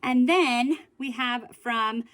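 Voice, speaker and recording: A woman's voice: fairly high pitch, slow pace, a bit bright. A young woman beauty vlogger chatting casually through a product review, rambling with many fillers.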